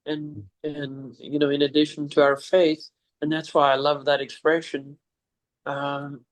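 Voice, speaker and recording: A man's voice: fairly high pitch, completely flat delivery, unhurried. An older man telling a heartfelt story to his son, reflective and at times choked up. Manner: reflective, chokes up and laughs through tears. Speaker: father sharing life lessons.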